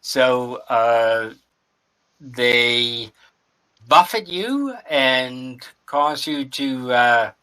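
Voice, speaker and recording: Slow, bright-voiced male game master. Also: medium pitch, expressive, smooth. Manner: slow, halting, lots of uh fillers. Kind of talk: running a tabletop game.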